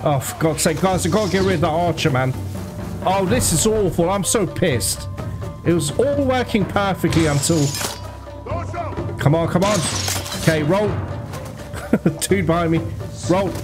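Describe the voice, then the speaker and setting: A man commentating his own gameplay, excitable and prone to swearing and laughing. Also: high voice, measured pace, pauses often, music in the background. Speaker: gameplay streamer.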